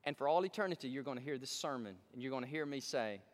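A male pastor preaching a sermon in a large church sanctuary, emphatic, swinging from hushed pleading to loud excitement. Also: medium pitch, fast, hardly any pauses, in a large hall.

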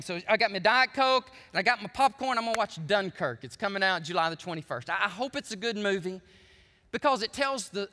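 A man's voice: high-pitched, bright, forceful tone, long reverb tail. A man from the United States preaching a sermon as pastor, swinging between chatty asides and fervent preaching.

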